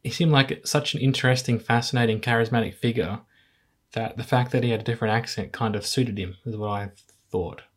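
A man's voice: mid-range voice, steady tone, fairly quick. A man hosting a casual film-review podcast, talking in an easygoing, hesitant way with frequent chuckles. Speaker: podcast host.

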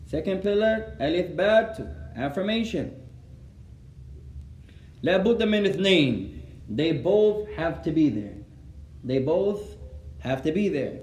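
A man teaching a class, dictating and repeating each phrase slowly so students can write it down, translating line by line. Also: a little high, big pitch swings, darkish tone, echoey room. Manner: translates line by line, patient and instructive. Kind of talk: classroom lesson, dictating for memorisation.

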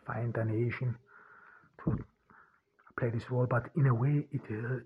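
A man hosting a podcast, talking in a halting way with many restarts and fillers. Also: medium pitch, steady tone, slightly rough. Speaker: podcast host. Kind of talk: casual monologue. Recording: dull lo-fi audio.

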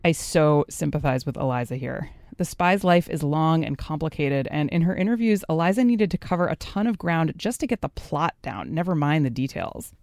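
A woman's voice: deep voice, lively intonation, moderate pace, hardly any pauses, darkish tone, dry recording. A woman hosting and narrating a podcast in a conversational, explanatory way.

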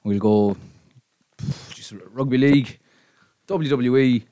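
A man's voice: medium pitch, slow pace, warm tone, dry recording. An Irish man co-hosting a casual podcast, hesitant and laughing often. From Ireland. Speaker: podcast co-host. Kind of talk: casual banter among friends.

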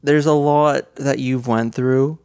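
A young man hosts a casual podcast interview, putting slow, halting questions with plenty of fillers. His gravelly voice is still smooth and resonant, and his delivery stays flat and unhurried. The recording is dry and close. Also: medium pitch, no echo. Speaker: podcast host.

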